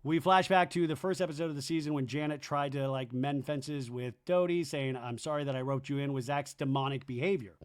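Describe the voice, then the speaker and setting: A man hosting a solo podcast, recapping a reality show episode and acting out the cast's lines in quick put-on voices. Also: mid-range voice, smooth. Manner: animated, acts out cast members' lines in quick put-on voices.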